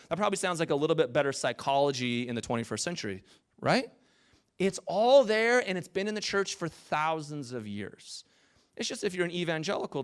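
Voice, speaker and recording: A man giving a conversational sermon as a pastor, animated and jokey, talking with his congregation. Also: a little high.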